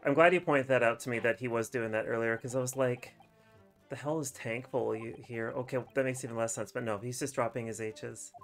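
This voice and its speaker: A man's voice: mid-range voice, fairly even intonation, quick pace, hardly any pauses, soft background music. A man giving casual, chatty commentary while playing a game, reacting freely and swearing. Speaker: let's play streamer.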